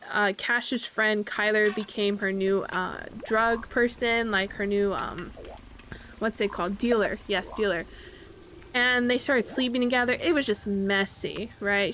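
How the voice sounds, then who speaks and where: A woman's voice: mid-range voice, fairly bright tone, a little hiss or hum. A woman host casually narrating a game storyline in a chatty way, with lots of fillers and tag questions. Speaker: channel host.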